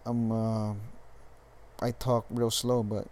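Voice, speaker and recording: A young man from Hawaii with a Californian accent, giving dating tips in a casual vlog monologue, laid-back and halting, swearing freely. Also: lowish voice, level tone, a little mellow. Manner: laid-back, profane, halting with many restarts. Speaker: dating coach vlogger.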